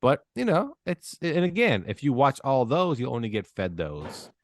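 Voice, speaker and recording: A man's voice: medium pitch, huge pitch swings, moderate pace, no room sound, clean studio sound. A man co-hosting a podcast in casual banter, rambling and swearing freely. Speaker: podcast co-host.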